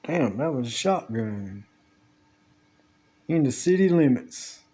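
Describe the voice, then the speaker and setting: A man's voice: medium pitch, animated, warm tone. A man telling a long, meandering story about his day, casually, at home. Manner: slow, drawling, meandering storytelling with Southern US grammar. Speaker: vlogger. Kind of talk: rambling casual monologue. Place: at home with the door open.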